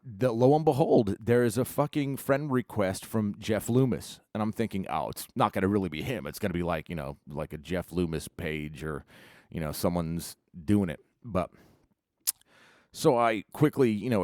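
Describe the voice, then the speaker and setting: A man's voice: on the low side, darkish tone, no room sound, studio quality. A man vlogging, telling a rambling story in a casual, profane, laid-back way. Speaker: musician.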